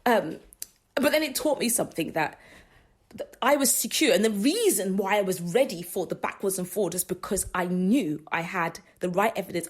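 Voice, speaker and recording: A woman, hosting a gospel radio show and telling a personal story in an animated way, acting out what others said and laughing often. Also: mid-range voice, breathy edge. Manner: animated, acts out quoted dialogue, laughs often.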